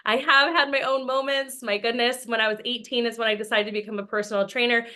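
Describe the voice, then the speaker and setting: A woman's voice: fairly high pitch, fairly even intonation, quick pace, sharp tone. A woman from Austin, Texas, in her thirties, giving an enthusiastic, chatty sales presentation over a video call and laughing often. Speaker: business presenter.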